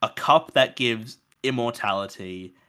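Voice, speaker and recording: A man hosting a casual film podcast, animated and swearing freely as he talks. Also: medium pitch, a little slow, clean tone, no room sound. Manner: animated, swears freely, restarts mid-sentence. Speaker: podcast host.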